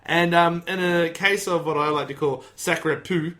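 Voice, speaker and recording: A man's voice: a little high, steady tone, unhurried, bright, forceful tone. A man hosting a casual podcast chat, telling stories in a rambling, joking way. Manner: jokey, rambling storyteller who slips into mock voices. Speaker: podcast host.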